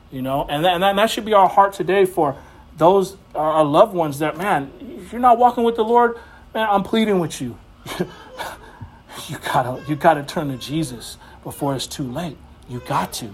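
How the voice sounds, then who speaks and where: A man's voice: fairly high pitch, moderate pace, husky. A man giving a casual sermon as a Bible teacher, passionate and slangy, often laughing as he preaches.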